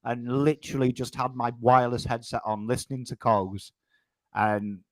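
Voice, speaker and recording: An English man in his thirties, co-hosting a casual chat and telling stories in an animated way, swearing freely. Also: medium pitch, moderate pace, no echo. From England. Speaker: co-host.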